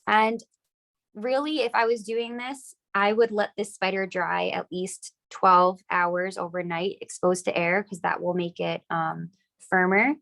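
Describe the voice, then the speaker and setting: A young woman with a cold leads a casual step-by-step decorating lesson. Her mid-pitched voice carries a gravelly fry, and she keeps an easy, chatty, upbeat tone. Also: level tone, unhurried, fairly bright tone. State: getting over a cold, coughing. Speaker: craft class instructor.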